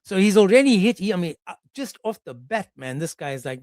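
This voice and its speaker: A man's voice: high voice, big pitch swings, brisk, hardly any pauses, dry recording, clean studio sound. A man delivering a mocking, sarcastic commentary monologue, acting out the people he quotes. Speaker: commentary channel host.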